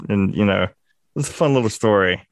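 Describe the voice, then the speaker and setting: Here a young podcast co-host from Georgia, USA, is laughing his way through a crude story in relaxed banter. His pitch sits fairly low, he talks a little fast, and the recording is dry.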